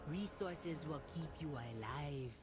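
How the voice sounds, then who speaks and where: An actor playing a calm male game guide who gives slow, measured advice. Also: on the high side.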